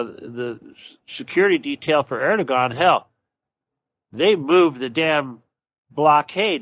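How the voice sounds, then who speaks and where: A man's voice: on the high side, fairly bright tone, dry recording. A man hosting his own show, delivering a blunt, profane and sarcastic solo political rant. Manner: sarcastic, mocking. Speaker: show host.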